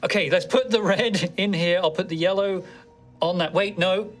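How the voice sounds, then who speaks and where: A man playing a tabletop game, chatting with animated laughter and frequent restarts. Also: high-pitched, normal speed, faint music behind. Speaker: player. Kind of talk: casual chat at a tabletop game.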